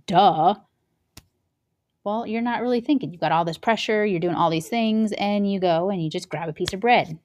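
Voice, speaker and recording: A woman's voice: mid-range voice, moderate pace, a little mellow. A young woman hosting a parenting show, talking casually and acting out little scenes in different voices. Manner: chatty, acts out little scenes with changing voices. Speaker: parenting podcast host. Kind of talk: casual solo talk.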